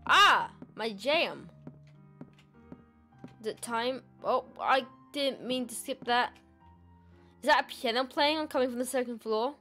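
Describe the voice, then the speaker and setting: A woman's voice: on the high side, animated, a little slow, pauses often, sharp tone, soft background music. A young woman playing a horror game and commenting in a joking, self-mocking way. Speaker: gamer. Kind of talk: let's play commentary.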